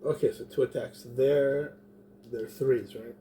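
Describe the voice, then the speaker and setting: Slow, mellow man planning game moves. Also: mid-range voice, fairly even intonation, slight background noise. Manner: thinking aloud, planning moves. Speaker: player. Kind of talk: tabletop game play.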